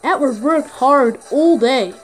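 A woman's voice: high voice, slow, soft background music. A woman narrating a train story for a fan redub, reading plainly with small slips.

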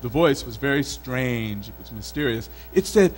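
A male storyteller from Mali telling a folk tale in an expressive, dramatic way at a live event. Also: medium pitch, moderate pace, faint music behind, poor audio. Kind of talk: oral storytelling performance. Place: country club event.

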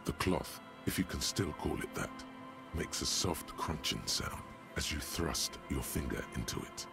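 Very deep, ominous game narrator. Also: male voice, expressive, a little slow, vocal fry, full character voice. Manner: sardonic, ominous delivery. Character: brooding, mocking male narrator voice of a detective game. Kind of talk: dramatic video game narration. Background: game music.

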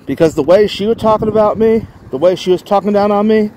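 A man's voice: high-pitched, quick pace, warm tone, slight background noise, low-quality recording. A man venting indignantly, ranting with heavy swearing and repeated rhetorical questions. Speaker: vlogger. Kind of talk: angry venting monologue.

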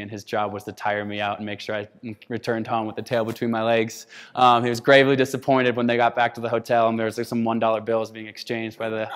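A man's voice: on the low side, clean tone. Man telling a story in a reverberant hall. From United States. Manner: animated storyteller, acts out quoted dialogue. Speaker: keynote speaker. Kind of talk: storytelling keynote talk.

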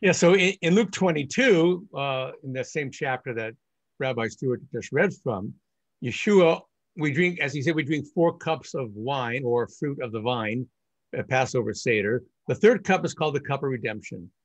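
A man's voice: medium pitch, animated, moderate pace. A man speaking as a rabbi, explaining scripture in an emphatic teaching manner. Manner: emphatic, stresses key words in quoted scripture. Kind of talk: Bible teaching discussion.

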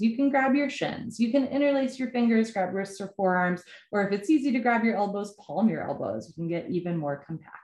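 A woman teaching a guided yoga class, giving calm step-by-step cues. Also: on the high side. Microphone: camera mic. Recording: echoey room.

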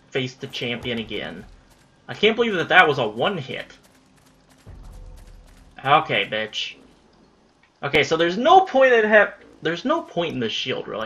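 Excitable, bright-voiced male gamer. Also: medium pitch. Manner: excitable, swears, yells at enemies. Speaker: gamer playing through a boss fight. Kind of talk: casual let's-play commentary.

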